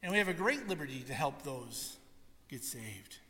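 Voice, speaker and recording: Guy preaching a sermon, bright sharp tone, acts out the quotes, long hall reverb. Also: medium pitch, moderate pace. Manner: animated storytelling, acts out quotes. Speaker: pastor.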